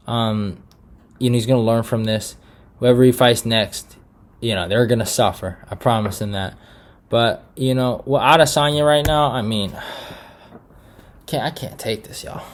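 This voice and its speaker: Frustrated man ranting about fights. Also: medium pitch. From Eritrea. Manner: frustrated, animated, swears a lot, many fillers and restarts. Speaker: MMA prediction channel host. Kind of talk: casual fight recap monologue.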